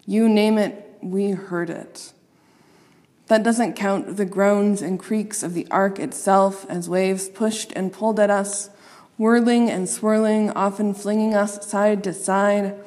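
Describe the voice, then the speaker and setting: A woman reading a children's story aloud, expressive and playing up the sound words. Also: medium pitch, takes it slowly, in a large hall.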